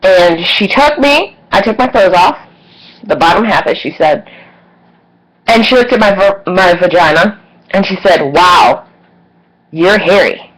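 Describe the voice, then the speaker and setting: A woman's voice: on the low side, measured pace, pauses often, poor audio. A woman vlogger telling a personal story candidly and casually, swearing and acting out what others said. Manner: candid, swearing, animated retelling with quoted voices.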